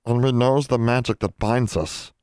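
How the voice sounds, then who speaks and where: A man's voice: mid-range voice, fairly even intonation, normal speed, a little mellow, smooth, no room sound, clean studio sound, pitched above the performer's own voice, close to an everyday voice. A man voicing a grave male elf who speaks formally in broken grammar. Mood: solemn.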